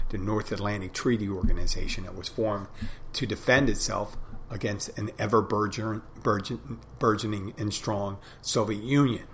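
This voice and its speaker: A man's voice: on the low side, fairly bright tone, a little hiss or hum. A man hosting a podcast, talking alone in a reflective, rambling way with frequent restarts. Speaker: podcast host. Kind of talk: casual monologue.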